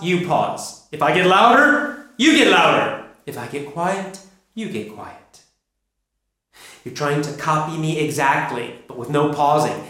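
A man giving an English pronunciation lesson, speaking emphatically and deliberately, repeating his key instructions. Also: on the high side, a bit bright. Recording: very echoey room.

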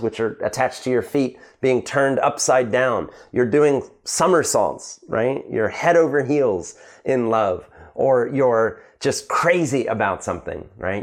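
Man teaching slang, repeating "right?". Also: mid-range voice. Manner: repeats "right?", acts out example lines. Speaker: English teacher. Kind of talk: slang lesson to camera.

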